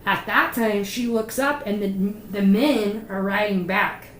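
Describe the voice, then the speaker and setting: A woman chatting casually as a podcast co-host, telling local history in an animated, rambling way. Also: mid-range voice, unhurried. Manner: chatty, animated storyteller with fillers. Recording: roomy with faint noise.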